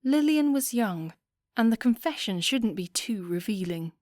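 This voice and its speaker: A woman narrating a romance audiobook in a calm, even storytelling manner. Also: on the high side, measured pace, no echo, studio quality.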